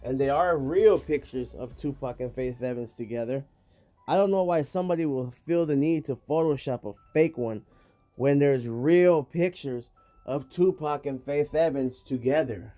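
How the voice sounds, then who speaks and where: A man's voice: mid-range voice, moderate pace, mellow, soft background music. Slangy man hosting a vlog. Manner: emphatic, talks straight to viewers; slangy, street talk. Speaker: host. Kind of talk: casual vlog commentary.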